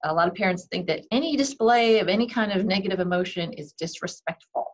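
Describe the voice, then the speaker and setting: A woman gives casual parenting advice, talking fast in a mid-range voice on a dull lo-fi recording. She's conversational, says "okay" a lot, and acts out the lines of both parents and kids.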